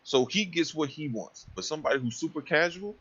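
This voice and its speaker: A man's voice: fairly high pitch, expressive, a little fast, fairly bright tone, breathy edge, dull audio. A man making his point on a casual gaming podcast, blunt, emphatic and profane.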